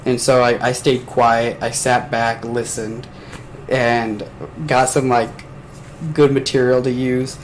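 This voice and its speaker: A man's voice: medium pitch, flat delivery, slow, slight background noise, poor audio. Rambling, swearing podcast man. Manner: rambling storytelling, heavy swearing. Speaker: podcast host. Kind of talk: casual chat. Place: bedroom at home.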